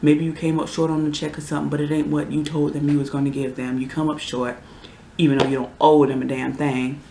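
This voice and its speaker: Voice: medium pitch, level tone, fast talker, creaky, warm tone, slight background noise. A vlogger in their twenties delivering a heated, exasperated rant with sudden outbursts in a casual vlog. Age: 20s. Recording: roomy echo.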